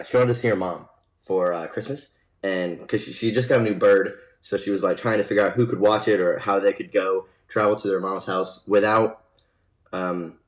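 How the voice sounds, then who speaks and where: Low-voiced young man telling a rambling joke. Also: a little mellow, poor audio. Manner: rambling, laughs at his own joke. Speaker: podcast co-host. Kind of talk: casual chat, joke telling.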